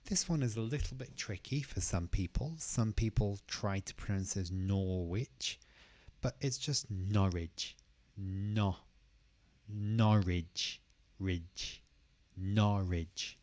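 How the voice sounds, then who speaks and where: A man teaching English pronunciation, slowly repeating each word clearly for learners in a careful lesson style. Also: lowish voice, dark tone.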